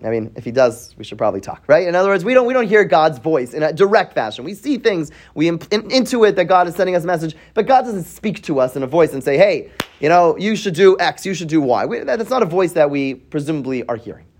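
Animated man teaching a Torah class. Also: on the high side, fast, hardly any pauses. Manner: asks the class questions, thinks aloud with restarts. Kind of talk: weekly Torah portion class.

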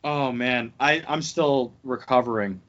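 A man's voice: mid-range voice, a little slow, a bit bright, lo-fi sound. A man in casual podcast banter who laughs hard and often, giggling through his lines. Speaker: podcast co-host.

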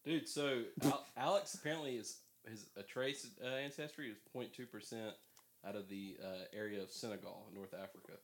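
A man's voice: on the low side, fairly even intonation, fairly quick. A young man co-hosting a podcast, teasing the others with dry jokes. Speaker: podcast co-host. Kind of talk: casual chat.

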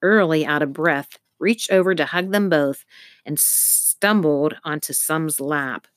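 A woman narrating a children's story aloud in an expressive, measured way. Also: deep voice, dry recording, clean studio sound. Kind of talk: audiobook narration.

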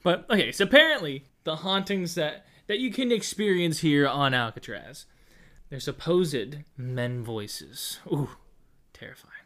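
Young adult co-host, casual chat, giggly and animated, reads from a script. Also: medium pitch, measured pace. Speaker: podcast co-host.

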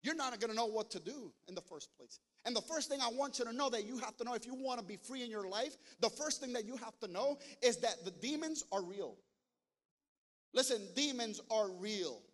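Male pastor preaching, high voice, emphatic, long hall echo. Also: animated, moderate pace. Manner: rising to loud emphatic preaching, addressing the congregation. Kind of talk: sermon.

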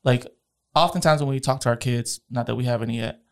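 Casting note: male podcast co-host, gravelly, easygoing and reflective. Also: mid-range voice, quick pace. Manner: relaxed, reflective, laughs often. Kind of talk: casual chat.

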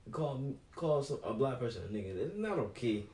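A man's voice: mid-range voice, very animated, brisk, a little mellow, reverberant. A teenage boy answering his mother's questions in playful, hesitant casual chat. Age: teens. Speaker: interviewee, son.

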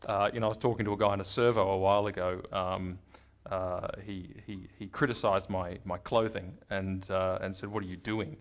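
An Australian man, a guest in an interview, telling stories in a lively conversational way and acting out the people he quotes. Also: sits low, normal speed. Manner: animated storyteller, acts out quoted voices.

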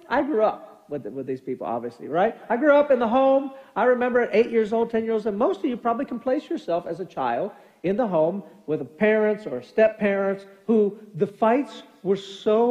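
A middle-aged man preaching a sermon as pastor, telling animated family stories and acting out quoted lines. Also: very high-pitched, lo-fi sound. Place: church sanctuary. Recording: long church hall reverb.

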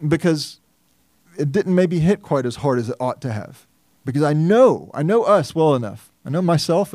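A man preaching a sermon as pastor, earnest and measured, his voice rising when he presses a point. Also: on the high side, a little mellow, no echo, studio quality.

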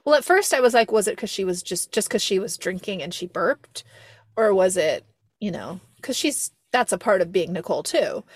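A woman's voice: medium pitch, moderate pace, breathy edge, dry recording. A young American woman hosts a casual podcast chat, rambling from one thought to the next and laughing as she goes. Her voice sits in an ordinary middle register and sounds close and dry, with no room around it. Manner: rambling, animated, laughs often, swears casually. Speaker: podcast host.

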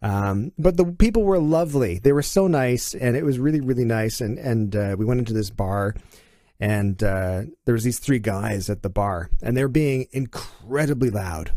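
A middle-aged man from Canada chats as a podcast guest and tells stories with animation, acting out the people he quotes. His voice is mellow and relaxed. It sits at an ordinary pitch and sounds dry and close. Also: no room sound. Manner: animated, acts out quoted dialogue. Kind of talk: casual conversation, storytelling.

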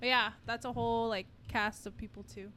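A woman's voice: on the high side, fairly even intonation, moderate pace, a bit bright, a little hiss or hum. A woman co-hosting a podcast in casual chat, giggly, swearing, easily flustered. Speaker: podcast co-host.

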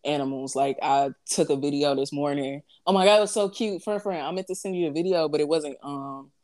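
A young woman with a deep, low-pitched voice in loose, casual conversation. She tells stories in an animated way, full of fillers and asides to her listeners, and hosts the talk. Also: fairly quick. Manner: animated storytelling, frequent fillers. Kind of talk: casual chat.

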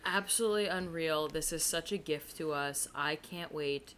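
A woman's voice: sits low, normal speed, a bit bright, slight background noise. A woman co-hosting a podcast in casual chat, gushing and emphatic. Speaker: podcast co-host.

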